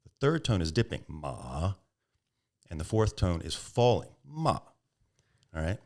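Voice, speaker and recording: Deep-voiced man telling animated stories. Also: fast. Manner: animated anecdotes, acts out quoted voices, laughs. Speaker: podcast guest, entrepreneur. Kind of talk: storytelling interview answers.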